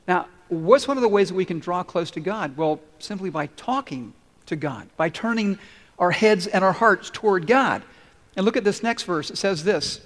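A man's voice: high-pitched, animated, normal speed, fairly bright tone. A man pastor preaching a sermon in a large church, earnest and conversational, putting questions to the congregation. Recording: long hall reverb.

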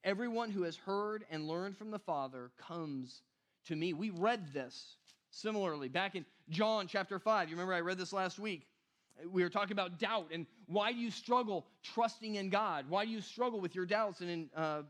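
A man's voice: high-pitched, a bit bright. A man preaching a sermon in a casual, conversational way, often asking "right?" and calling the listeners "you guys". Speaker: pastor.

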